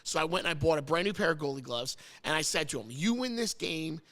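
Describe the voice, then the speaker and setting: A man with a notably high voice tells a story over a casual chat, rambling and repeating words as he goes. He is from New Jersey and hosts the show, and he grows choked up as he talks. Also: very fast, sharp tone. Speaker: host.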